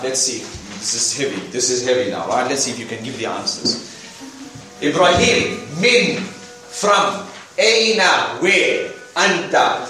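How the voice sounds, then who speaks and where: A man's voice: fairly high pitch, moderate pace, bright, forceful tone. A man teaching an Arabic lesson to a class, drilling phrases and having everyone repeat. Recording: very echoey room, mic far off.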